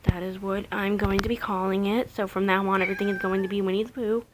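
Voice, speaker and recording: Young woman vlogger, casual rambling home chat with soft near-whispered stretches, mid-pitched, noisy camera audio with clicks. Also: flat delivery, fast. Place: home, indoors. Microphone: camera mic.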